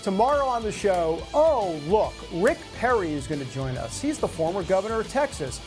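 A man's voice: high-pitched, sing-song, normal speed, hardly any pauses. Male host, casual banter, playful with stumbling restarts, faint music under the voice. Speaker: show host. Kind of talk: casual chat.

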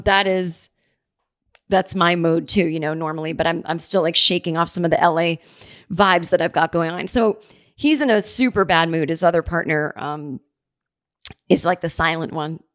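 A woman hosting her podcast from her apartment, telling stories in a chatty, animated way and acting out the people she quotes. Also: lowish voice, normal speed, dry recording, clean studio sound. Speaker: podcast host. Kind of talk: casual solo storytelling. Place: home apartment.

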